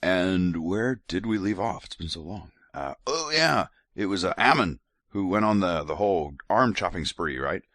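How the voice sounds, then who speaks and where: Here the tipsy host's voice is low and a bit bright, animated at a moderate pace. He rambles through a casual podcast monologue, laughing and starting over many times, in studio-quality audio without room sound.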